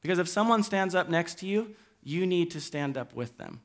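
Earnest male pastor, fairly high-pitched voice, halting sermon delivery that pleads with the congregation. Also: expressive. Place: church hall.

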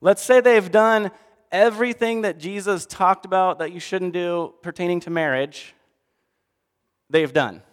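A man preaching a sermon, often acting out characters and swinging between loud and soft. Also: sits high, measured pace, clear, resonant tone. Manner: acts out characters with voices, shifting loud and soft. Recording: long reverb of a hall.

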